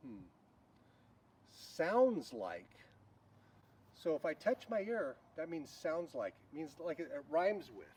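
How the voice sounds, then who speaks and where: A man leading a children's Bible school, teaching a game slowly and leading shouted call-and-response lines. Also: fairly high pitch, slightly rough. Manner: slow, animated, leads shouted call-and-response. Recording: distant mic with faint noise.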